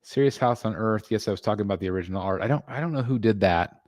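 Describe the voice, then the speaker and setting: A man hosting a casual collecting live stream from his home, reading viewer comments aloud and thanking members, his voice jumping up when he gets excited. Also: very fast, dry recording, clean studio sound. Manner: excitable, jumps in pitch when greeting members. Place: home room.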